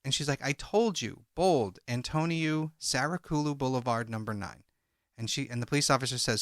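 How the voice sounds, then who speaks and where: A man's voice: medium pitch, moderate pace, fairly bright tone, no echo, clean studio sound. A man co-hosting a true crime podcast, recounting a call transcript and reading out each speaker's lines. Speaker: podcast co-host.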